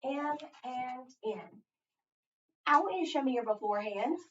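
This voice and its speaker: A woman's voice: high-pitched, expressive, normal speed, a bit bright. A middle-aged woman teaching phonics to a child, asking patient prompting questions. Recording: echoey, distant, dull recording.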